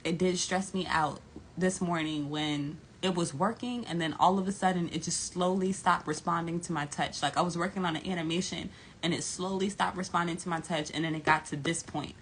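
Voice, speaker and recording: A woman hosting her own channel talks straight to viewers in a loose, rambling way. She cusses freely and tells stories with lots of asides. Her voice sits a bit low, and a faint hiss runs under the recording. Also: a little fast, poor audio. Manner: rambling, profane, animated storytelling with asides to viewers. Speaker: tarot channel host. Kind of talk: casual vlog chat.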